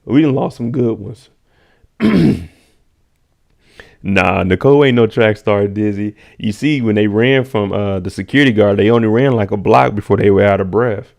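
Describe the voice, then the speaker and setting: Speaking at normal speed with vocal fry and a darkish tone, a man walks his live stream audience through a TV episode. His slang is easygoing, he calls out chat names, and he plays out scenes in high-pitched voices.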